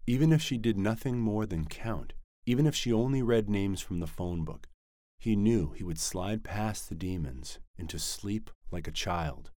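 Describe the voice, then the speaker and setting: Deep-voiced man narrating an audiobook. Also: lively intonation, moderate pace, dark tone, dry recording, studio quality.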